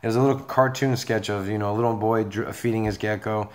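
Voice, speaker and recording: A man's voice: fairly low pitch, little pitch movement, fast talker, few pauses. A young man chatting casually as he answers viewer questions about caring for reptiles, rambling and reassuring. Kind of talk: casual Q&A video.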